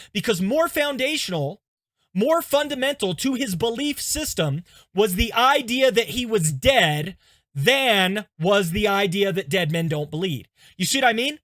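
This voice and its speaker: Male pastor, teaching, storytelling, animated, conversational, high voice, dry close sound. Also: dry recording. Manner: animated, conversational, frequent "okay?" check-ins.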